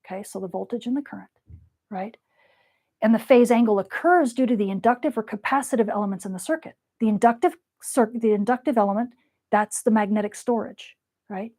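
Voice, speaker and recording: A woman teaching a lecture with playful, lively explanations. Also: medium pitch, breathy edge.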